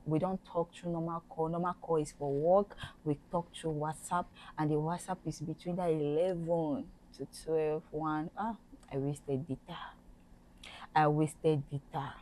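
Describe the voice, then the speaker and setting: A young woman telling a personal story in casual chat, animated and self-mocking, laughing often. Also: sits low, rough recording. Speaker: podcast co-host telling her story.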